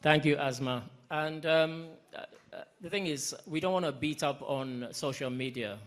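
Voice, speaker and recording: A man's voice: fairly high pitch, normal speed, fairly bright tone. A man chairing a panel at a public event, speaking emphatically with self-deprecating asides. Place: conference hall.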